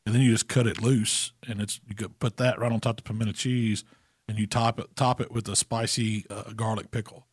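A man, co-hosting a casual barbecue chat and calmly explaining cooking step by step. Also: on the low side, a little fast, slightly rough, dry recording, studio quality. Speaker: barbecue pitmaster co-host.

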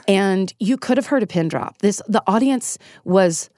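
A woman's voice: medium pitch, expressive, measured pace, a little mellow, dry recording, studio quality. A middle-aged woman speaking candidly and self-deprecatingly as a guest in a casual interview, often laughing as she talks. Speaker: podcast guest.

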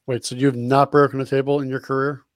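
Quick-talking male co-host, teasing, mid-pitched. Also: level tone, dry recording. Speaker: podcast co-host. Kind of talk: casual podcast chat.

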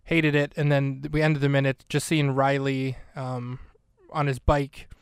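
A male podcast host with a smooth, resonant voice. He rambles through a film recap in a loose, joking way. The recording is dry and close, with almost no room sound. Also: mid-range voice, flat delivery, a little slow, no echo. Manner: joking, rambling, self-interrupting. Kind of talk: casual comedic podcast commentary.

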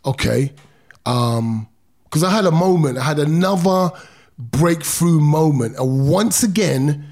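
A man's voice: on the high side, lively intonation, a little slow, a little mellow. A middle-aged man, a former boxer telling his own story in an interview, intense and emphatic, stretching words out and using street slang. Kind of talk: emotional personal storytelling.

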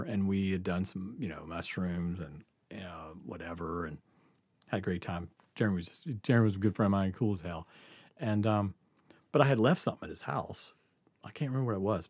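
A man's voice: fairly low pitch, no room sound. Laid-back man telling a story. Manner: laid-back, laughs often, swears freely. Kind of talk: casual storytelling.

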